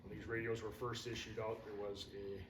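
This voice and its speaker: In a fairly low, level voice and at a slightly quick pace, a man leads informal, hands-on radio training for firefighters. He's casual and folksy, often drifting into stories along the way. The audio feels distant and roomy, carrying a faint room hum.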